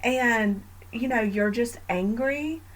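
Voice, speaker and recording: A woman hosting a faith podcast, talking in an earnest, reflective way with frequent fillers and growing animated in family stories. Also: on the high side, slow, rough recording. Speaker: podcast host.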